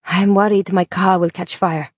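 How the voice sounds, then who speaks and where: A woman's voice: lowish voice, fairly even intonation, moderate pace, dry recording, clean studio sound, lightly acted. A woman voicing a badly hurt alien woman who speaks feebly and pleads. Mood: pleading.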